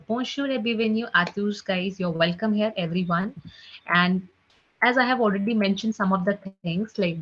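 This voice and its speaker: A woman's voice: medium pitch, fairly bright tone. Woman teaching French over a call. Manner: fillers of "you know, like", slow repeated drilling of sounds. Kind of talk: online class lesson. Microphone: computer mic on a video call. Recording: slightly dull lo-fi call audio.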